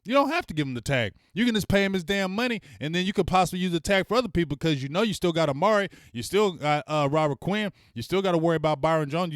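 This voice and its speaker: A man hosting a fan channel, ranting bluntly and with plenty of swearing as he heckles rival fans and shouts out viewers in his live chat. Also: a little high, no room sound, studio quality. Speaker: sports fan channel host.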